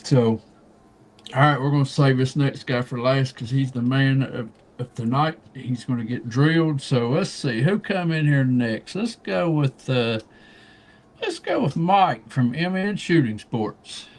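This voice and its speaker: A man's voice: mid-range voice, measured pace. A man from Kentucky hosting a casual livestream, introducing guests one by one with folksy jokes. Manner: folksy, joking. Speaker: livestream host.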